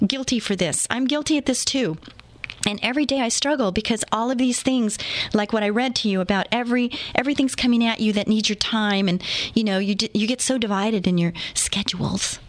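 A woman's voice: mid-range voice, no room sound. A woman hosting a faith-based radio show in a studio, telling stories in a chatty, enthusiastic way with lots of fillers. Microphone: studio microphone.

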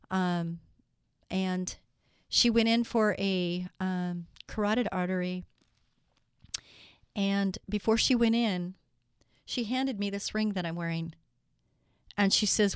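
A woman's voice: mid-range voice, a little slow, clear, resonant tone, dry recording, studio quality. A middle-aged woman giving an earnest, heartfelt devotional talk, reading scripture and speaking directly to her listeners. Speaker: Christian speaker.

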